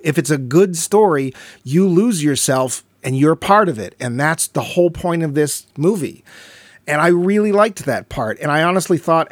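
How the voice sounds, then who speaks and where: A podcast co-host with a fairly high voice chats casually about a movie, captured in a dry, studio-quality recording. He's enthusiastic, retelling scenes and acting out quotes in character.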